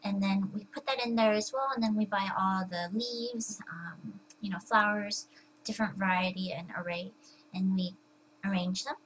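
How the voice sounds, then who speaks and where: A woman's voice: medium pitch, steady tone, moderate pace, fairly bright tone, a little hiss or hum, poor audio. A young woman talking casually to the camera at home, chatty and full of fillers and restarts. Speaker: vlogger.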